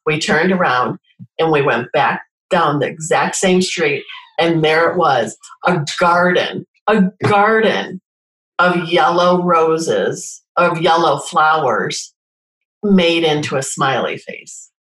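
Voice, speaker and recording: A woman's voice: deep voice, slow pace, fairly bright tone, reverberant, low-quality recording. A middle-aged woman telling personal stories in a casual conversation, earnestly acting out the dialogue. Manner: earnest storytelling, acts out quoted dialogue. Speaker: guest sharing personal stories.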